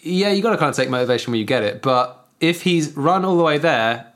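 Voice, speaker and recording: A man's voice: on the high side, animated, fast, a bit bright. A man hosting a casual comedy podcast, joking around and reading out listener prompts. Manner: jokey, laughs often, reads listener prompts. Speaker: podcast host.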